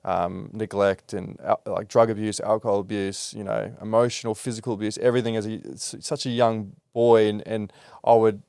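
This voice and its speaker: Low-voiced candid male podcast host. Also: little pitch movement, moderate pace, gravelly, darkish tone, smooth, dry recording, clean studio sound. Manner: candid and reflective, with frequent fillers and restarts. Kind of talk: open, emotional podcast conversation.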